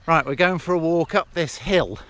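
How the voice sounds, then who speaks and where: This English vlogger, middle-aged and puffing as he climbs a hill outdoors, keeps up a casual, self-deprecating chat full of laughter. Filmed on a handheld camera, his somewhat high voice comes through at a normal speed with a slightly bright tone.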